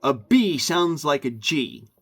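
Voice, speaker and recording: A man's voice: fairly high pitch, big pitch swings, slow, fairly bright tone. A man ranting into the camera for his vlog, emphatic and meandering, often repeating himself. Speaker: vlogger. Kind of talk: rambling rant to camera.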